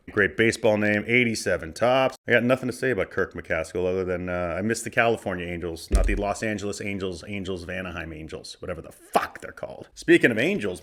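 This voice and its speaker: The voice sits on the low side with a fairly bright tone, belonging to a man in his forties from Arizona who hosts a podcast. He riffs casually on a box of cards, cracking profane jokes as he opens them.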